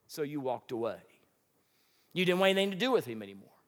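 A male minister preaching a sermon in an animated, conversational way, full of rhetorical questions. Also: mid-range voice, brisk, in a large hall.

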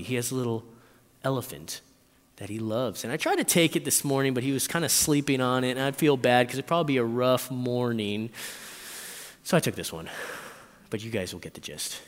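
A man in his thirties preaching a sermon, telling a personal story and acting out his own thoughts in lively bursts. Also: medium pitch. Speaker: pastor. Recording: long reverb in a hall.

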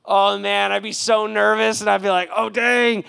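High-voiced, animated male pastor preaching. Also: moderate pace, creaky, clear, resonant tone. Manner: animated, casual storytelling with slang. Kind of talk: sermon.

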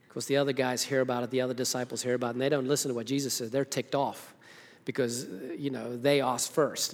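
A man preaching a sermon in a church, telling the story in a lively, casual way and acting out what the characters say. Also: medium pitch, quick pace, breathy edge, in a large hall. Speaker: pastor.

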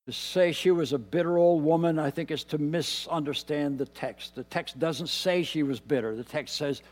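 A man preaching a sermon as pastor, moving between quiet, dropped asides and loud, emphatic lines. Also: a little high. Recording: long hall reverb.

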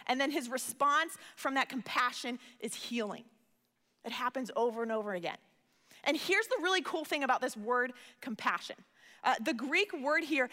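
A woman preaches in a high, bright voice that carries through a reverberant hall. She talks earnestly and conversationally, often doubling words as she begins a thought. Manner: earnest, conversational, repeats words when starting phrases. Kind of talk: sermon.

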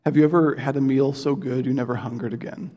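A man's voice: mid-range voice, steady tone, fast, highs cut off. A man preaching a sermon in an earnest, conversational way, with many fillers and restarts. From United States. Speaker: pastor. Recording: long hall reverb.

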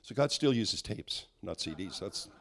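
A man's voice: fairly low pitch, moderate pace. A middle-aged man preaching a sermon, telling a story and acting out the dialogue, with frequent restarts. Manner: animated, acts out dialogue, restarts often.

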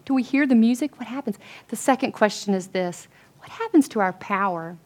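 A woman's voice: fairly high pitch, animated, brisk, darkish tone. A woman giving an earnest, conversational sermon to a Bible study group, chatting through restarts and fillers. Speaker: women's Bible study speaker.

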